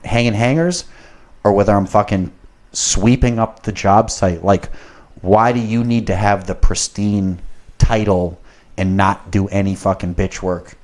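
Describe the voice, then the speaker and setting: A man's voice: lowish voice, fairly even intonation, a little slow, a little mellow. A young man on a podcast, casually telling a long story in a profane, rambling way and getting worked up as he goes.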